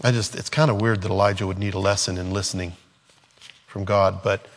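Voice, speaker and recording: A man preaching a sermon in an earnest, conversational way, laughing now and then and acting out scripture dialogue. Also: fairly low pitch. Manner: acts out scripture dialogue in different voices.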